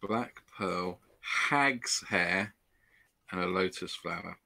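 Gravelly sarcastic man heckling the story. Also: deep voice, takes it slowly, pushed and bright. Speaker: player. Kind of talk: casual play commentary.

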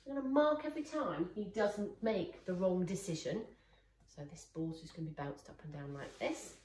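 Woman dog trainer, lowish voice, encouraging, recorded from across an echoey room with faint noise. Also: normal speed, recorded from a distance. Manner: praising, encouraging. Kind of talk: casual training demonstration.

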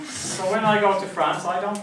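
Male lecturer, conversational, slightly high-pitched, recorded from afar in a roomy classroom with faint hiss. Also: flat delivery, moderate pace. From Ireland. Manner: conversational, checks in with "right?" often. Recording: echoey classroom, mic at a distance.

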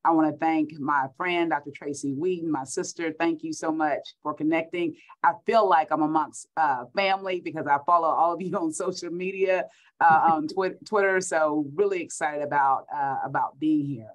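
A woman's voice: deep voice, moderate pace, low-quality recording. A middle-aged woman from Texas with a Texan accent, a school superintendent giving an upbeat keynote speech over a video call, repeating words for emphasis.

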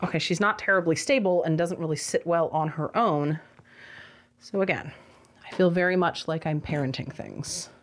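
A woman's voice: on the low side, normal speed. A young adult woman giving a casual toy review, with sarcastic, exasperated asides.

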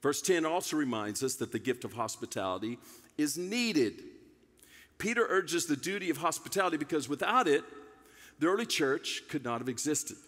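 A man's voice: fairly high pitch, sing-song, normal speed, fairly bright tone, in a large hall. A man preaching a sermon as pastor in a church, playful and teasing himself, repeating his phrases. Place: church sanctuary.

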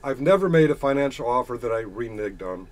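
A man's voice: medium pitch, lively intonation, fairly quick. A man reading chat comments aloud and answering them in a sarcastic, combative, profane rant. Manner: reads chat messages aloud and retorts. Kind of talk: casual ranting monologue.

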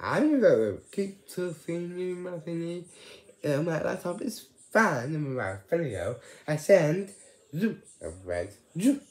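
A man chatting casually on his vlog, rambling and halting, often repeating his words. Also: a little high, very animated, roomy sound. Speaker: vlogger.

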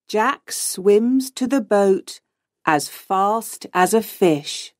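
Woman narrator for learners, clear and unhurried, dry close sound. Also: medium pitch, animated, no room sound. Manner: slow, clear, simple reading. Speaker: audiobook narrator. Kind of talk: graded reader narration for learners.

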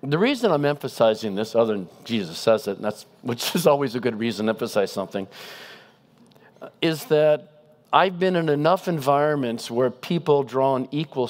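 A man giving a guest sermon in a conversational style, animated and asking the congregation rhetorical questions. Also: medium pitch, normal speed. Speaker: guest preacher.

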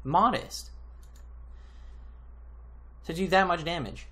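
A man's voice: on the high side, takes it slowly, pushed and bright. A man giving live gameplay commentary, thinking aloud in an exasperated way and swearing constantly as he mutters to himself. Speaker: gaming YouTuber.

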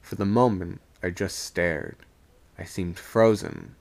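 A man reading a ghost story aloud on a live stream, slow and suspenseful. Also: deep voice, huge pitch swings, vocal fry.

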